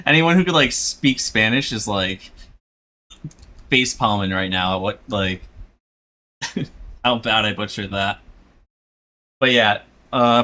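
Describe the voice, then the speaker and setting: Bright-voiced chatty male streamer. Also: mid-range voice. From South Florida. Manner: rambling, chuckles often, self-deprecating. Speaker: VTuber streamer. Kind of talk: casual chat while drawing.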